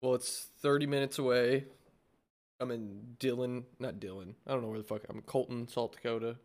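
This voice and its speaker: A young man trades crude, deadpan jokes with his friends, dropping swear words without a pause. His voice sits at an ordinary middle pitch. He speaks in loose, casual podcast chat over a call. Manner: swears freely, deadpan joking. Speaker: podcast co-host. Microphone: video call.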